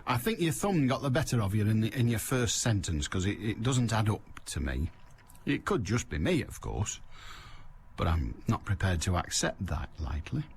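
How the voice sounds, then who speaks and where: A man's voice: on the low side, very animated, moderate pace, a little hiss or hum. A man hosting a radio phone-in, blunt and wry, pushing callers along. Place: radio studio.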